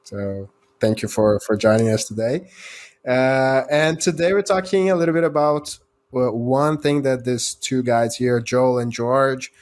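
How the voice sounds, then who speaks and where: A man's voice: medium pitch, measured pace, darkish tone. A man hosting a casual tech podcast, greeting listeners and guests in a friendly, loose, chatty way. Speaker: podcast host.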